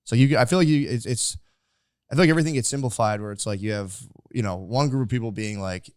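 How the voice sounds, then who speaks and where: A man's voice: fairly low pitch, rapid-fire, darkish tone, clean tone, no room sound, clean studio sound. A man in his thirties hosting a casual podcast interview, rambling with lots of fillers. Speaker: podcast host.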